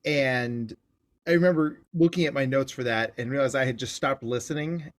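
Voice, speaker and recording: A man's voice: medium pitch, moderate pace. A man hosting a podcast as a clinical psychologist, in casual interview talk, playful and joking with rambling asides.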